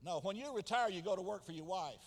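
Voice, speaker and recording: A man, preaching a sermon as pastor, swinging from quiet asides to loud shouted passages. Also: sits high, animated, fast. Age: 70s. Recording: long hall reverb.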